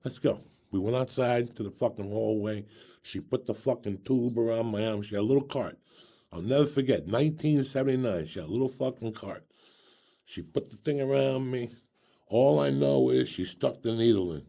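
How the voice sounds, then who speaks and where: A man's voice: mid-range voice, moderate pace, creaky. A man in his sixties casually telling a story on a podcast, swearing freely and laughing as he goes. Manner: profane, animated, laughs through his stories.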